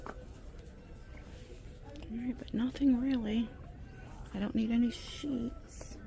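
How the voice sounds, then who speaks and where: A woman's voice: fairly high pitch, steady tone, takes it slowly, creaky, dark tone. A woman chatting casually to her viewers in a vlog, rambling and jumping between topics while filming herself on a handheld phone. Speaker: YouTuber.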